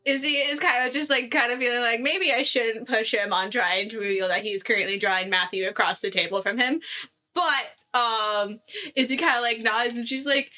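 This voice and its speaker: Chatty woman player, bright and fairly high voice. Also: steady tone, normal speed. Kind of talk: tabletop game play.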